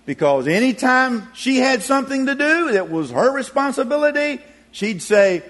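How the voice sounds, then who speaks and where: A man preaching a sermon, telling a story in a folksy, expressive way. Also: extremely high pitch, moderate pace, few pauses.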